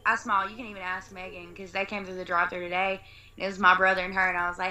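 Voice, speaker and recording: A woman's voice: fairly low pitch, little pitch movement, racing, sharp tone. A young woman, telling stories in a casual chat, laughing and acting out her own quotes. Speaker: interview guest.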